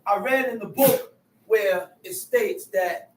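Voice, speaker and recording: A man preaches in a loud, emphatic voice, shouting verses back to his listeners. His voice sits unusually high for a man. The sound is roomy and echoing, caught from some way off the mic. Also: slow pace, far from the mic. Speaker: street preacher teaching from scripture. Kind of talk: call-and-response sermon.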